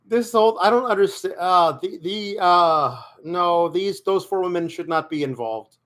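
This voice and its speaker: A man streaming live reaction commentary, his voice a touch higher than most. He sounds exasperated and keeps stopping to restart his sentences as he reacts. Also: moderate pace, fairly bright tone.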